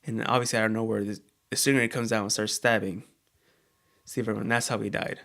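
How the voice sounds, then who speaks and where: A man co-hosting a casual chat show, talking in a halting way with many fillers and restarts. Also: fairly low pitch, fairly even intonation, vocal fry, a bit bright. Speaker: co-host.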